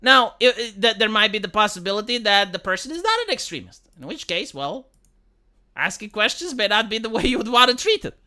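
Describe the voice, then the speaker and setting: A woman's voice: medium pitch, big pitch swings, a little fast, sharp tone. A woman from Romania giving casual livestream commentary, rambling with many restarts and some swearing. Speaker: live streamer.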